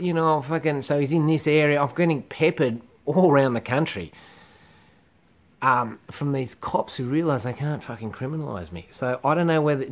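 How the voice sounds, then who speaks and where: Blunt, swearing Australian man ranting. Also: medium pitch. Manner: blunt, profane, indignant, rambling. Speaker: comedian vlogger. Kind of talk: ranting monologue to camera.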